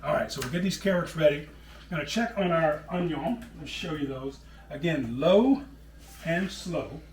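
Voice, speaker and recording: A man's voice: a little high, moderate pace, reverberant, recorded from a distance. A middle-aged man hosting a home cooking show, chatting casually as he preps vegetables and calls people "brother.". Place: home kitchen.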